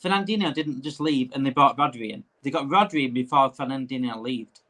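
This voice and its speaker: A man hosting a casual live-stream chat, ranting in an animated way. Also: medium pitch, a little fast.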